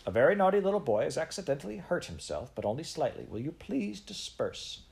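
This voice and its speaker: A man's voice: fairly low pitch, very animated, moderate pace, a little mellow. A man putting on a haughty, scolding stallholder lady. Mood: indignant. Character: pompous, indignant stout woman stallholder.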